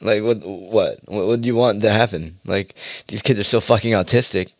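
A man's voice: fairly low pitch, normal speed, dry recording, studio quality. A man ranting casually in a rambling, profane monologue, often laughing at his own points.

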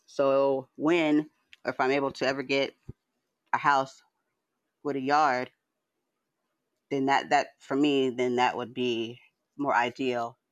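A man's voice: mid-range voice, little pitch movement, takes it slowly, long pauses, no echo, highs cut off. A man hosting a livestream from home, chatting in a loose, rambling way that keeps restarting words, swearing freely. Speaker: livestream host. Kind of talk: casual rambling monologue. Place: at home, indoors.

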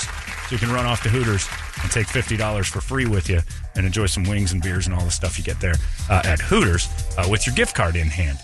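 Male radio host, loud and joking, plain mid-pitched voice, faint music bed. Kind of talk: casual morning radio banter.

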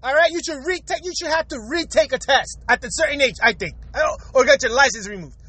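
Speaking fast in a very high, pushed and bright voice with no echo, a young male vlogger swears about the traffic and keeps repeating himself. He's driving in the city, and faint traffic noise runs underneath.

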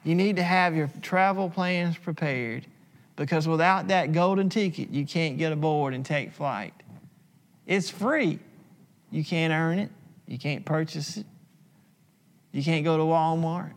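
A man preaching a sermon, emphatic and repetitive, slowing for dramatic pauses. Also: a little high. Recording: long hall reverb.

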